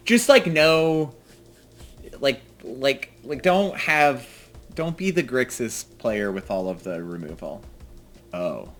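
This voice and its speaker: Playing a card game, a man offers casual, self-mocking commentary in an animated, medium-pitched, slightly bright voice, taking his time. He drops into mutters and then bursts out, with faint music in the background.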